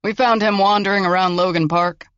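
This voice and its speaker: A man voicing a polite uniformed police officer who speaks in a sharp, formal way in an audiobook. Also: sits high, steady tone, fairly quick, clear, resonant tone, no room sound, lo-fi sound, pitched above the performer's own voice.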